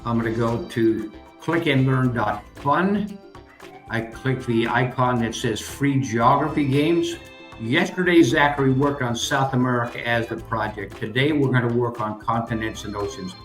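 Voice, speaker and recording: A man's voice: mid-range voice, normal speed, reverberant, soft background music. An older man, the student's uncle, patiently demonstrating a geography game step by step as a teacher.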